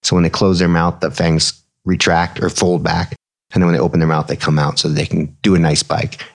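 A man in his thirties, a physician co-host, explaining medical topics in a relaxed podcast chat, mixing clinical terms with slang. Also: low voice, a little fast, vocal fry.

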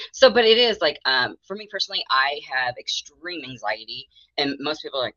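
Very low-voiced chatty woman therapist. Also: lively intonation, moderate pace, pushed and bright, dry recording, highs cut off. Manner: chatty, rambling, laughs often, acts out her own thoughts. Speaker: mental health therapist, guest. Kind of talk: candid podcast interview.

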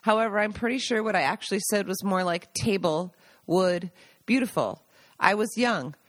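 A woman's voice: mid-range voice, moderate pace, no room sound. American woman reading her own memoir. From United States. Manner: conversational, wry, self-amused reading. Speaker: podcast host and author.

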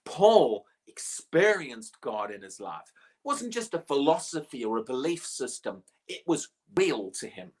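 A woman preaching a sermon, emphatic and animated, often asking rhetorical questions. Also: rumbling low, measured pace, breathy edge.

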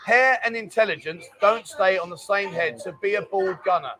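A man's voice: high voice, a crowd in the background. A hungover man from London with a London accent, co-hosting a casual livestream, reading viewer comments and joking around. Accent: London English. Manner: jokey banter, quick and chatty. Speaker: co-host of a livestream.

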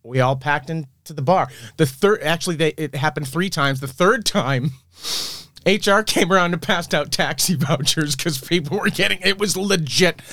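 A man telling animated, profane anecdotes in a casual chat as a guest. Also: fairly high pitch, moderate pace, dry recording, studio quality.

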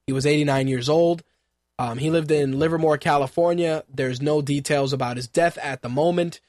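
A man in his thirties runs a radio talk show and chats through the news in a loose, joking way, stumbling over words and filling gaps as he goes. His voice sits a little higher than most men's. The sound is dry and close, with no room around it. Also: no echo. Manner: offhand and joking, with frequent fillers and restarts. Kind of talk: casual news commentary.

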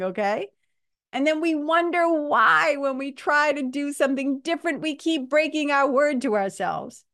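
A woman's voice: high voice, moderate pace, a bit bright. A woman hosting a self-help show, talking animatedly, laughing often and restarting her sentences. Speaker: podcast host. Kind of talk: self-help talk monologue.

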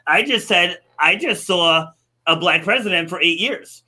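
A man's voice: high-pitched, expressive, unhurried, bright, forceful tone. A man hosting a podcast, chatting casually and telling stories animatedly, laughing often. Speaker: podcast host. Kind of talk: casual conversation.

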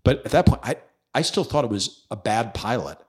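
In a casual interview, a middle-aged ex-detective from New York City spins a story, performing people's lines and swearing without restraint. His medium-pitched voice is fairly quick, with a breathy edge.

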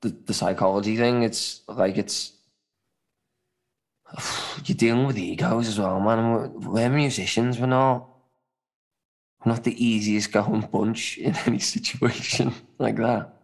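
A man's voice: fairly low pitch, fairly even intonation, normal speed. A young adult man co-hosting a casual podcast chat, rambling loosely with lots of "you know" and "man". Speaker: podcast co-host.

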